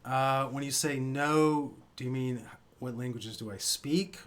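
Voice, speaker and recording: A man's voice: medium pitch, measured pace. Hesitant male guest on a live stream. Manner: hesitant, shy, many "uh" fillers. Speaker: guest, math teacher. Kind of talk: casual chat on a live stream.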